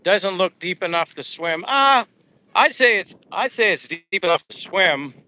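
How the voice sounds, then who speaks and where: A man's voice: high voice, animated, measured pace, pushed and bright, a little hiss or hum. A man from the United States chatting casually on a live stream while out on his daily walk outdoors, reading viewer comments aloud with lots of fillers. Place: outdoors on a seaside boulevard.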